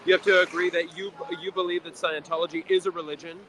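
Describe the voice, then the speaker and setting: A man giving an earnest, measured explanation outdoors at a protest, pausing on fillers as he goes. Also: sits high, level tone, sharp tone, a little hiss or hum. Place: outdoors on a city street.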